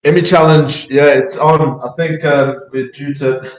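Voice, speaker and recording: A man's voice: on the high side, fairly even intonation, a little slow, highs cut off, slight background noise. British man chatting on echoey voice call. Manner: chatty, repeats words, laughs easily. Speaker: project team member hosting community AMA. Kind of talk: casual community voice chat. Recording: echoey voice chat.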